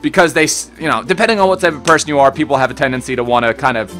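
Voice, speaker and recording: A young YouTube gaming host, born in Switzerland and raised in Germany and the United States, chats loosely to camera through a Q&A. Laid-back and rambling, he swears and calls people bro. His mid-range voice is rapid-fire and a bit bright, with soft background music.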